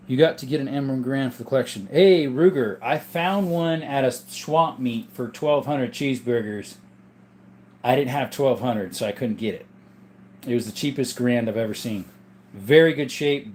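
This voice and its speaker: In a home room lined with his gun collection, a livestream host reads out viewer comments and responds in a relaxed, meandering manner. His medium-pitched voice has a darkish tone and sounds strained and worn, with slight background noise.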